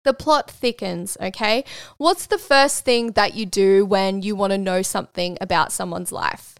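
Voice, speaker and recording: A woman in her twenties with an Australian accent, hosting a podcast and telling a personal story in a frank, animated way, swearing freely. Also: mid-range voice, measured pace, vocal fry, smooth, no echo, studio quality. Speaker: podcast host. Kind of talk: casual storytelling monologue.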